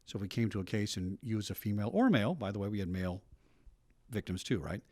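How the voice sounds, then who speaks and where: A middle-aged man, a retired police officer, telling stories in a documentary interview with brisk asides. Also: fairly low pitch, darkish tone, no room sound. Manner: brisk storytelling with frequent asides.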